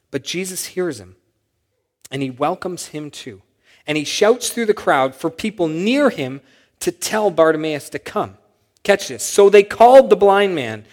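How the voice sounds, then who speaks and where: A man preaches a sermon as a pastor, his voice sitting a little high for a man. He delivers it animatedly, punching quoted cries up into loud shouts. The sound carries a long reverb, like a large hall.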